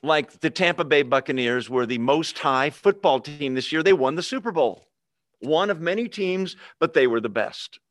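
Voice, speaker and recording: In a clean studio recording with no room sound, a pastor speaks at a normal pace with a somewhat high, slightly bright voice and lively intonation. His sermon feels like a conversational lesson, full of questions to the congregation that invite call and response.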